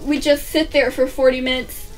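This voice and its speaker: A woman with a high voice and flat delivery chats at normal speed through a storytime vlog, cursing now and then as she acts out what people said. The mic sounds distant, with faint music in the background.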